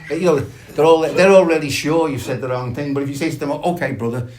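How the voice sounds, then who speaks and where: A middle-aged man, sharing reflectively and haltingly at a recovery meeting, with many restarts. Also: on the high side, darkish tone. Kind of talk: personal sharing at a support meeting.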